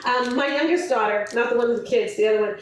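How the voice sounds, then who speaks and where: A woman's voice: fairly high pitch, fast talker, slight background noise. Chatty woman speaking in an echoey hall. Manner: animated, chatty, laughs often, acts out quotes. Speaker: event speaker on marriage. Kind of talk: live conference talk. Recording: echoey hall from a distant mic.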